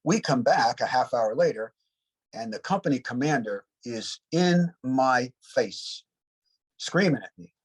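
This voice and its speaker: A man in his seventies with a husky, slightly worn voice sits for an interview about his time as a Vietnam veteran. He tells long, meandering anecdotes, often stopping for "you know" and small restarts. His pitch sits in an ordinary middle range. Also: expressive, unhurried, rough recording. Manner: rambling anecdotal storyteller, frequent "you know" asides. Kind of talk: reflective war storytelling.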